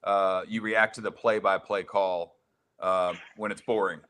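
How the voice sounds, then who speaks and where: A man's voice: deep voice, little pitch movement, measured pace, fairly bright tone, a little hiss or hum. A young man who runs the board for a sports radio show, chatting in an easygoing, laid-back way. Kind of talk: casual radio sports chat. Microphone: studio microphone.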